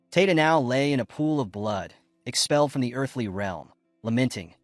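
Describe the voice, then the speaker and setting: A man narrating a comic recap in a fast, lively storytelling way. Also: mid-range voice, no echo, soft background music.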